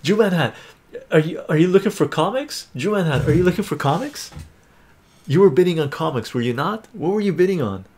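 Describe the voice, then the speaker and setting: A man's voice: fairly high pitch, fairly quick, breathy edge. A man hosting a casual live stream, chatting upbeat with viewers and reading their comments aloud. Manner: excited auctioneer calling bids. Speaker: streamer hosting a points auction.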